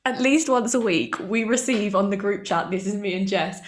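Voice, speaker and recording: A woman's voice: medium pitch, normal speed. A young British woman co-hosting a podcast, talking frankly with wry asides. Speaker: podcast co-host. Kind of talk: casual chat.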